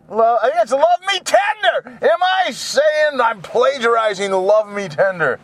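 A man's voice: sits high, sing-song, moderate pace, a bit bright. A man rambling and singing made-up song lines to himself while driving, in a goofy, self-mocking way. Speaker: vlogger. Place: inside a car.

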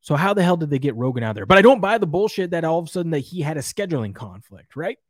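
A man's voice: a little high, big pitch swings, quick pace, no echo, clean studio sound. A man hosting his own online show, ranting angrily with profanity and stammered restarts. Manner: angry, profane, stammering rant. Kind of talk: ranting commentary vlog.

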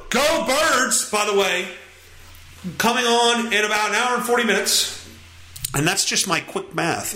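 A man with a high, bright, very lively voice hosting a podcast. He rambles through crude, profane comic riffs. The room around him sounds echoey. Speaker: podcast host. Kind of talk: casual comedic monologue.

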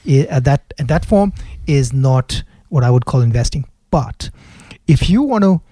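A man's voice: mid-range voice, animated, moderate pace, dark tone, no echo. A man co-hosting a finance podcast, explaining his views thoughtfully with frequent hesitations and restarts. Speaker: podcast co-host, investment analyst. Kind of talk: casual explanatory chat.

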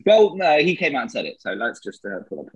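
A man co-hosting a podcast, joking and chatting casually with quick asides. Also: medium pitch, sing-song. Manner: jokey, laughing, quick asides. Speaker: podcast co-host. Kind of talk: casual comedic chat. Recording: slightly lo-fi dry recording.

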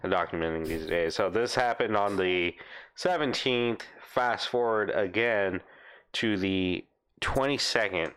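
A young man telling a funny work story in casual chat, animated, laughing and swearing, acting out what people said. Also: lowish voice, measured pace, smooth. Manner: animated, laughing often, swearing, acts out quotes.

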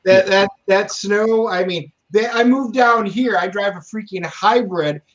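This is a podcast host from Wisconsin with a high voice for a man, heard over dull lo-fi audio. He jokes and brags his way through casual banter. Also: measured pace. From Wisconsin, USA. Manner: jokey, boastful banter.

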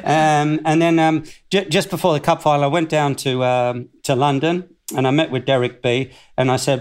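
A man's voice: fairly high pitch, fairly even intonation, normal speed, few pauses, smooth. An older man from Australia, a guest in an interview, telling stories in a rambling, self-deprecating way and laughing often. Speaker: guest, former footballer. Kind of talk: casual interview storytelling.

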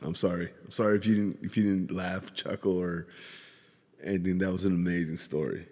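A man's voice: low-pitched, fairly even intonation, a little fast, darkish tone, long reverb tail. A man hosting his own podcast, telling a family story in a rambling way and laughing often. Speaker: podcast host. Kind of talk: casual chat.

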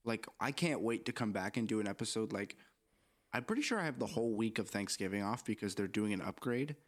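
A man's voice: fairly low pitch, animated, fairly quick. A young man co-hosting a podcast, chatting casually in a rambling, joking, profane way. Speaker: podcast co-host.

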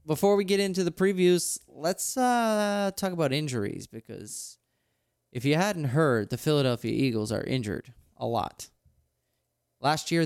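A man's voice: mid-range voice, vocal fry, smooth, no echo, clean studio sound. A man hosting a casual sports podcast, joking and running through the news in an upbeat way. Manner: jokey, upbeat, talks through news quickly. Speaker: podcast host.

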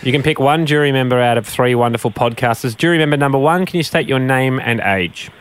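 Smooth-voiced comedy host. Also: male voice, medium pitch, quick pace. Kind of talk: comedic banter.

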